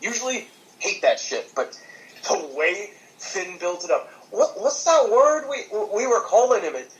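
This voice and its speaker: A man with a slightly high voice chats casually on a podcast. He is animated and profane, and he laughs readily as he rants. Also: measured pace, rough recording. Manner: animated, swearing, laughing often. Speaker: podcast co-host. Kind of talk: casual wrestling chat.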